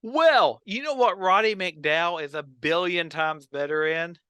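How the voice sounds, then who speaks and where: A man's voice: high voice, a little slow, clear, resonant tone, dry recording. A man co-hosting a casual podcast, animatedly retelling old TV scenes. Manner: animated storyteller, acts out quotes. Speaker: podcast co-host. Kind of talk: casual chat about old films and TV.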